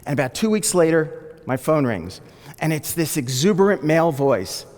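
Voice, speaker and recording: A man telling a personal story to an audience, acting out the people he quotes in lively voices. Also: a little high, moderate pace. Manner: animated, acts out the people he quotes. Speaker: speaker telling his life story. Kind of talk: storytelling talk. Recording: long hall reverb.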